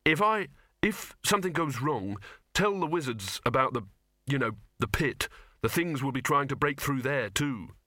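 A man's voice: a little high, animated, moderate pace, hardly any pauses, bright, forceful tone, dry recording, clean studio sound, voice pushed up. A man voicing an anxious young male hero, urgent and panting.

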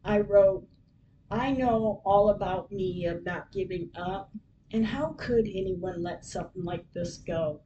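A middle-aged woman reading her personal diary aloud as a podcast host, in an earnest, heartfelt, unhurried and prayerful way. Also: highs cut off. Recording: distant mic with steady low rumble.

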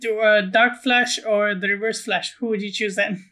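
Bright-voiced podcast co-host asking questions. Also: mid-range voice, steady tone, normal speed. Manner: brief, asks the questions. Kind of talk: casual chat.

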